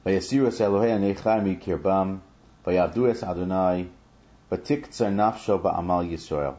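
A man's voice: low voice, moderate pace, warm tone. A man teaching a verse-by-verse Bible class, chanting each Hebrew verse and then explaining it in English. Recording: dull lo-fi recording.

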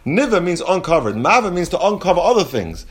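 A man leads a Talmud class. His voice sits a little high and moves in a study singsong. He mixes Hebrew and Aramaic terms into his as he explains. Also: very animated, moderate pace. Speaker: Talmud teacher.

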